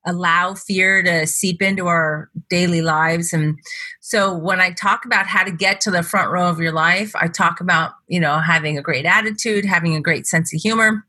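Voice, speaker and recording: A middle-aged woman speaker shares stories in a lively interview, often jumping up in pitch to act out what people said. Her voice is bright and forward with a husky edge. The recording is close and dry. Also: normal speed, dry recording. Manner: animated, acts out quoted lines in a higher voice. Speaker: motivational speaker, interview guest. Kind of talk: conversational storytelling. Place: Las Vegas.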